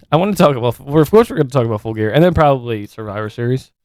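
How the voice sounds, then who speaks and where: A man from Pennsylvania co-hosting a wrestling podcast, excitable and chatty. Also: mid-range voice, fast, no echo, studio quality. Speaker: podcast co-host. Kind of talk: casual chat.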